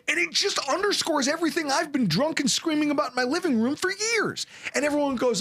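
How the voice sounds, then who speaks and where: A man's voice: very high-pitched, animated, fast talker, hardly any pauses, a bit bright, dry recording. A man hosting a sports podcast, ranting in a casual, sarcastic way. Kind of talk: casual sports talk rant.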